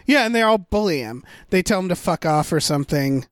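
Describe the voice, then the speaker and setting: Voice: mid-range voice, expressive, fairly quick, no echo. Co-host, mid-range voice, rambling film talk, dry close sound. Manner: rambling, many fillers and restarts. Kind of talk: casual chat reviewing a film.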